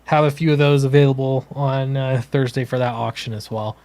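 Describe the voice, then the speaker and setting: A man who makes comics, co-hosting a casual livestream, easygoing and halting, with many fillers. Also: mid-range voice, steady tone, a little mellow. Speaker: comics creator and co-host.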